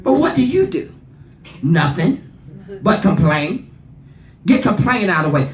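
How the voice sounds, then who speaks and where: A man's voice: sits high, very animated, unhurried, echoey room. A man preaching at a Bible study, leading readers and firing questions at the room. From not from Philadelphia. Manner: fervent, asks the room questions, repeats words.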